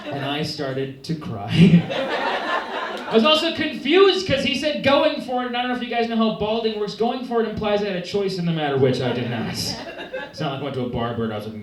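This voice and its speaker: A young man doing a stand-up set on a club stage, telling deadpan, self-deprecating stories. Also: high voice, fairly quick, crowd noise. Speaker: stand-up comedian. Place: comedy club stage, live audience. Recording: roomy live club recording from far off. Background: audience laughter.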